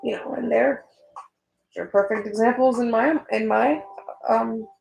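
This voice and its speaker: A woman's voice: a little high, a little slow, gravelly, a little mellow, echoey room, faint music behind, rough recording. A young woman chatting casually while she works on a drawing, rambling and swearing, getting worked up at times. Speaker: artist vlogger.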